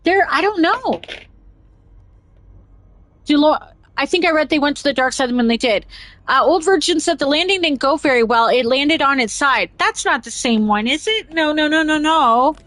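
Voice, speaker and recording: A woman's voice: sits high, animated, moderate pace, fairly bright tone, dry recording, poor audio. A woman hosting a casual chat show, reading news aloud and rambling off on tangents with giggles. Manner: rambling, giggly, talks over herself. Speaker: podcast host.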